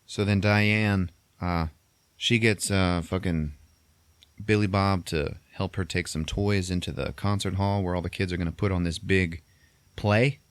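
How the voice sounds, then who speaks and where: Low-voiced, foul-mouthed man recapping a movie. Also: fairly even intonation, unhurried, smooth, no echo. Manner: profane, laughing storyteller. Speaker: podcast host. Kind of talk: crude comedic movie recap.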